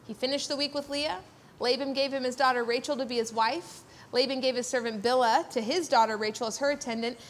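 A woman in her thirties giving a casual Bible teaching, animated and acting out the voices she quotes. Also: a little high, a little hiss or hum.

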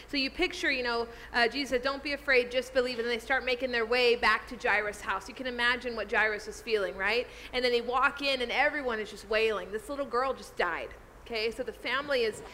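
This is a woman pastor delivering a sermon in a chatty, animated way. Her voice sits a little high and sounds bright and clear. The room carries a long hall reverb with a faint hum underneath. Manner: animated, conversational preaching.

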